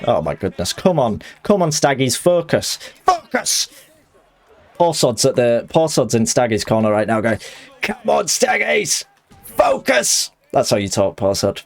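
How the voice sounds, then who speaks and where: Excitable man streaming a game. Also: medium pitch, moderate pace, hardly any pauses. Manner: excitable, chatty, jokey. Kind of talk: live gaming commentary.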